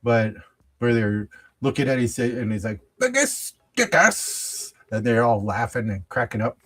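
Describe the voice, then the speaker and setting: A man's voice: lowish voice, fairly even intonation. A middle-aged man hosting a sports card show, chatting casually while opening packs, chuckling often and trailing off into fillers. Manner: chuckles often, easily amused; halting, lots of fillers and restarts. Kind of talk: casual pack-opening chat.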